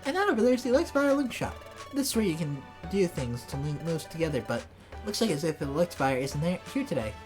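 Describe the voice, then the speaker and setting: A woman's voice: sits low, brisk, music in the background, voice pushed down. A woman voicing an eager, humble young male beaver Pokémon with a put-on folksy Southern drawl. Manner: folksy Southern drawl, excitable, says 'by golly'.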